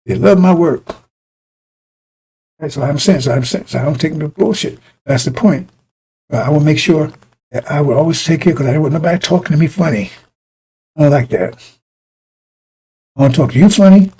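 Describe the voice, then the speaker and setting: A man's voice: on the high side, a little fast, pauses often, darkish tone, slightly rough, rough recording. A middle-aged man preaching informally to his congregation, blunt and profane, rambling through personal stories with many restarts.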